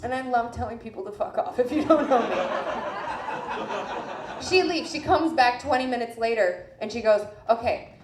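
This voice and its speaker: A woman's voice: on the high side, normal speed, a crowd in the background. A female comedian telling a story on stage in a blunt, profane, self-mocking way. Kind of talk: stand-up storytelling. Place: live comedy venue. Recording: echoey room with faint ambience.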